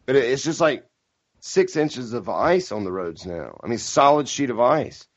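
A man's voice: mid-range voice, expressive, normal speed, dry recording. A man with a Southern US accent, co-hosting a podcast in a laid-back, casual way. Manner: laid-back, says man and dude a lot. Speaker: podcast co-host. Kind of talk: casual chat. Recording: dull lo-fi podcast audio, dry.

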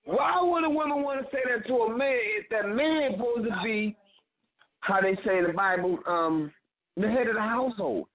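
A man's voice: high voice, normal speed, dull audio. A man from Philadelphia with a Philly accent, hosting a casual ranting monologue, preachy and profane and laughing at his own jokes. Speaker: podcast host.

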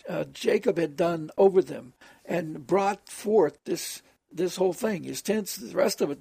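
A man's voice: high voice, a little mellow, breathy edge, no echo. A man preaching as host of an evening program, earnestly explaining scripture line by line. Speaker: preacher hosting a call-in program.

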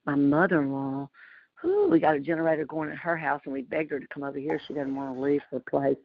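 A woman's voice: deep voice, quick pace, creaky, no room sound. Southern woman, talkative storyteller, muffled call-line sound. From Louisiana. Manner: chatty, animated storytelling with frequent laughs. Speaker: community call participant. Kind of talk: casual group call chat. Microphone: remote call audio.

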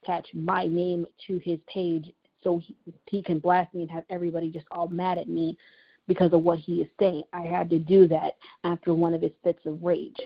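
A woman's voice: fairly low pitch, little pitch movement, moderate pace, creaky, husky. A woman host recounting a painful personal story in an earnest, emotional monologue, repeating herself for emphasis. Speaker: podcast host and writer. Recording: dull lo-fi recording.

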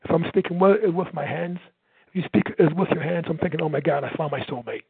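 Loud, energetic man on a tinny line. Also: fairly high pitch, fairly quick, vocal fry, breathy edge, no echo. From United States. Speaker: sales coach and podcast host. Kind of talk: motivational talk. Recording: tinny phone-like line, dry.

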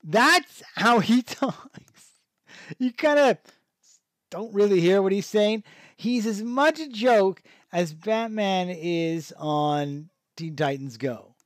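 A man's voice: high voice, slow, darkish tone, no room sound, clean studio sound. A man hosting a podcast, reviewing in a rambling, casual way with lots of fillers, restarts and chuckling asides. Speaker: podcast host.

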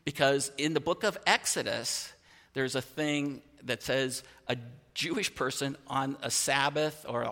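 A pastor giving a sermon, telling a personal story in an animated way and often restarting his phrases. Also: fairly high pitch, long reverb tail.

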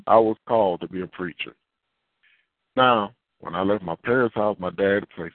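A man's voice: deep voice, normal speed, no echo. Man pastor, casual sermon, acts out voices, dry tinny phone sound. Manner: animated, acts out dialogue, repeats himself. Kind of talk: preaching sermon.

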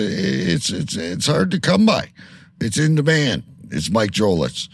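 A man's voice: lowish voice, vocal fry, breathy edge, no echo. A male radio show host in casual banter, rambling and joking between segments.

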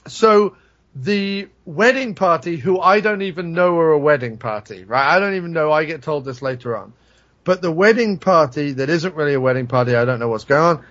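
High-voiced man ranting with profanity. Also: animated, a little fast, a bit bright, dull audio. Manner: profane, ranting, laughs while telling stories. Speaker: podcast co-host. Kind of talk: casual chat, storytelling.

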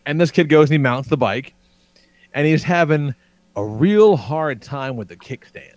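Brief: lively, swearing male storyteller, slightly high voice, dry close mic. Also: normal speed, no room sound. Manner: profane, excitable, laughing storyteller. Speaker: podcast co-host. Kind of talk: animated storytelling.

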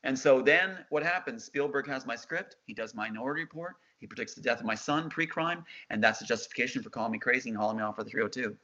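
Middle-aged male guest, insistent storyteller, forceful bright tone, lo-fi audio. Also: medium pitch, quick pace, hardly any pauses. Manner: intense, insistent, quotes others' words. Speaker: interview guest. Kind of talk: emotional storytelling. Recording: dull lo-fi sound.

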